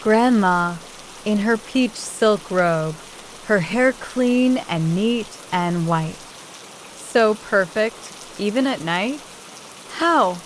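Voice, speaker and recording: A woman reading a first-person children's novel aloud as an audiobook narrator, in a slow, measured way. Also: medium pitch, slight background noise, poor audio.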